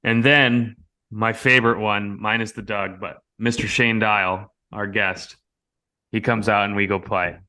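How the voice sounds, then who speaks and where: A man's voice: on the low side, a little slow. An American man in casual conversation, animatedly telling a prank story and acting out the lines of the people in it. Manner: animated storyteller, acts out quotes loudly.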